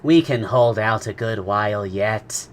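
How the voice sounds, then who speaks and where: A man's voice: on the low side, fairly even intonation, unhurried, close to an everyday voice. A man reading a novel aloud, voicing a serene, polite manservant. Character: calm, deferential manservant, adult man, philosophical.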